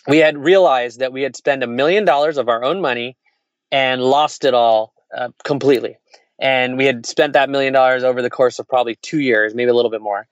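A man's voice: medium pitch, no echo. A man, an entrepreneur, telling a personal story in casual conversation, rambling and candid. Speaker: entrepreneur sharing stories. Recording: dull, lo-fi sound.

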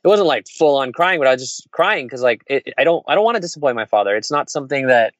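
A man and entrepreneur telling candid stories in casual conversation, frank and animated, acting out quoted voices. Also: medium pitch, fast, no echo, lo-fi sound.

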